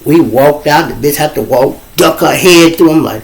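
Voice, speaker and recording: A middle-aged man with a Chicago accent and a gravelly, fairly high voice hosts his show at a moderate pace. He tells loose, joking stories in raw street talk, in a casual storytelling monologue.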